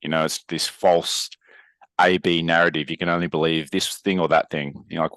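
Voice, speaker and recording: A man's voice: low-pitched, flat delivery, moderate pace, a bit bright, dry recording. A man co-hosting a podcast, explaining a point in a thoughtful, conversational way. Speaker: podcast co-host. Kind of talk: casual conversation.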